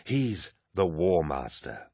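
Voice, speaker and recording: A man's voice: deep voice, big pitch swings, slow pace, mellow, no room sound, clean studio sound, heavily acted. A man doing a brash, mocking warrior captain. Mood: scornful. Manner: mocking, barking orders.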